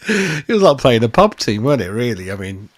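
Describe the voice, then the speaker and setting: With a very animated mid-range voice at normal speed, a man runs a casual live-stream football match review on his fan channel. He talks bluntly, laughs, swears, and addresses everyone as mate, all through a desk microphone.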